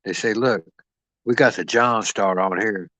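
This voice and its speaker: A man's voice: fairly low pitch, measured pace, a bit bright, no echo, rough recording. A man rambling and boasting as he stands in as host of a boxing live stream, swearing freely and talking to his chat.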